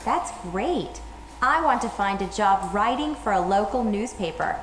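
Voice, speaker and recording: A woman's voice: medium pitch, expressive, measured pace, a little hiss or hum, close to an everyday voice. A woman voicing a friendly young woman asking about jobs in a scripted textbook listening dialogue. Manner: clear, scripted dialogue reading. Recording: echoey textbook audio with faint music.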